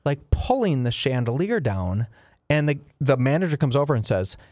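A man co-hosting a casual chat show, telling stories with lively acted-out quotes. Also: mid-range voice, normal speed, no echo, studio quality. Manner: animated storyteller, acts out quotes. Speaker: co-host.

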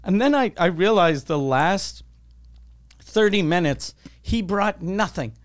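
A man hosting a podcast, telling a story in a casual, animated and profane way, acting out the voices of the people he quotes. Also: sits high, slow pace, clean tone. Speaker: podcast host.

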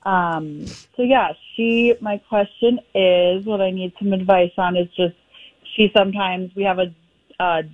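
A woman's voice: medium pitch, fairly even intonation, no echo. Casual woman caller on a phone line. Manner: casual, halting, with fillers. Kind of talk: call-in phone conversation.

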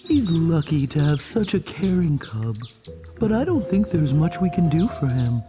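A woman playing a gentle, motherly neighbor who comforts a child. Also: deep voice, sing-song, soft background music. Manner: soothing, slow. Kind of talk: audio drama acting.

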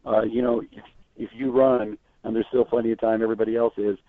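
A man's voice: fairly low pitch, flat delivery, fast talker, no echo. Man talking over a tinny phone line. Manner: chatty storyteller with frequent restarts. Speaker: entertainment reporter guest. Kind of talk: casual phone interview.

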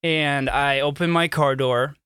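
Bright-voiced man telling a rambling story. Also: fairly high pitch, fairly even intonation, a little slow, smooth, no echo, studio quality. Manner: rambling storyteller, laughs often. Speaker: podcast co-host. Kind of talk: casual chat.

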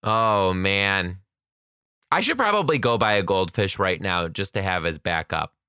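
Upbeat man, kindergarten teacher hosting his podcast, forceful and bright, dry close sound. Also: sits low, lively intonation, measured pace, clear, resonant tone, no room sound. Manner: upbeat, chatty, playful. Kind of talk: casual solo podcast chat.

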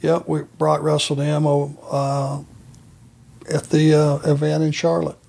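An older man, a retired wrestler, telling stories in a relaxed podcast chat with many pauses. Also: on the high side, gravelly. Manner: relaxed storytelling with many fillers.

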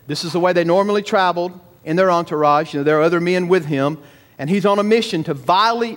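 A man preaching a sermon, emphatic, slowing down and repeating words for stress. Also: a little high. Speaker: pastor.

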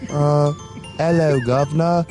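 A man's voice: a little high, fairly even intonation, slow, music in the background. A man putting on a playful, exaggerated fake British accent as a football player clowning for the camera. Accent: mock British.

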